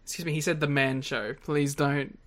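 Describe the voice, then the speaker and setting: A man's voice: a little high, steady tone, normal speed, a bit bright. A man co-hosting a podcast, chiming in with incredulous, laughing reactions. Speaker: podcast co-host. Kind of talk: casual chat.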